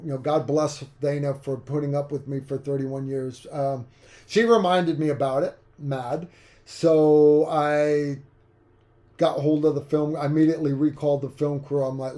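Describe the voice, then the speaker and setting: Rambling male livestream host, mellow voice. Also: a little high. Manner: rambling, frank, full of fillers and restarts. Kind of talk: casual livestream chat.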